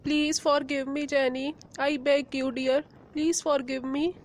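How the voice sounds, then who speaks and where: A woman's voice: sits high, flat delivery, a little slow, a little hiss or hum. A woman voicing a sick mother who speaks in a plaintive, apologetic way. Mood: remorseful. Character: remorseful sick mother, sharp with her spoiled daughter.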